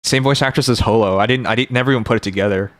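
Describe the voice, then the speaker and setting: A man's voice: medium pitch, very fast, fairly bright tone, no room sound, clean studio sound. A young man streaming a game, chatting casually and thinking aloud as he plans his teams. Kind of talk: casual gaming livestream chat.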